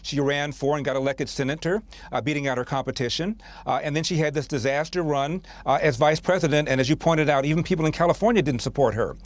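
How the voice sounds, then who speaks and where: TV guest commentator, male, fairly high voice, measured delivery with 'uh' fillers, dry sound. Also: dry recording. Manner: measured, many 'uh' pauses, argumentative. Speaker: radio host guest. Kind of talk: TV news interview.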